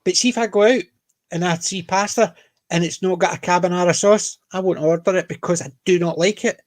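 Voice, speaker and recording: Animated Scottish man with a high voice. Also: a little fast. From Scotland. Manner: animated storytelling, emphatic. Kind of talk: casual panel chat.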